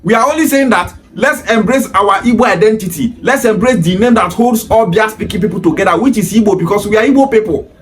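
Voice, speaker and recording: A man's voice: high-pitched, quick pace, hardly any pauses, faint music behind. A Nigerian man speaking English with Pidgin phrases, delivering a scolding monologue full of repeated rhetorical questions. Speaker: commentator. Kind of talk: ranting monologue.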